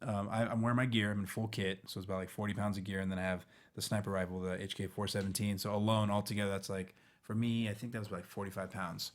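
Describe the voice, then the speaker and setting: A man, a guest actor on a fan talk show, chatting casually and telling animated stories with playful impressions. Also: fairly low pitch, fast talker, few pauses. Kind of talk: casual chat.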